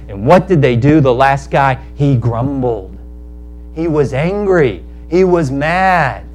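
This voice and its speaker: A man preaching a sermon, telling a parable in animated storytelling style and acting out the characters in quick asides. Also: medium pitch, soft background music. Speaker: pastor.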